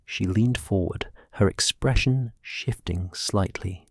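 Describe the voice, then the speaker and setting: Slow, hushed man telling a bedtime story. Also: on the low side, lively intonation, no echo, clean studio sound. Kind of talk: soft bedtime sleep-story narration.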